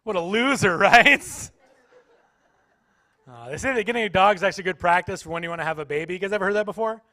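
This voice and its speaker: High bright-voiced stand-up comedian. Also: male voice, quick pace, no room sound. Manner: playful, teasing the audience. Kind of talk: stand-up comedy with crowd work. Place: church stage.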